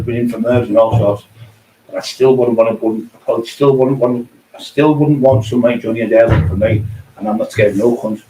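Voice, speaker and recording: A middle-aged vlogger with a mid-range, slightly mellow voice delivers an angry, profane, taunting ranting monologue. It's recorded in an echoey, distant room with a faint hum.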